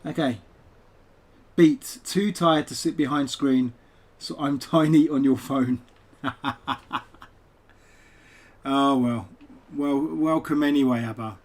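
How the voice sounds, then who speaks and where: Male streamer, average pitch, casual rambling chat to viewers from home. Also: takes it slowly, long pauses, a little mellow. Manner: rambling, chatty, digressive. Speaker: poet and game streamer. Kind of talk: casual live-stream chat over gameplay.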